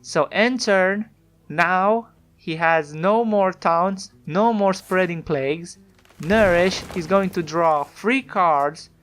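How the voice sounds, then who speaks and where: Slow, chatty Italian-accented game commentator. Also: medium pitch. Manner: chatty, talks back to the opponent with rhetorical questions. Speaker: card game player commenting on his own match. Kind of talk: casual gameplay commentary.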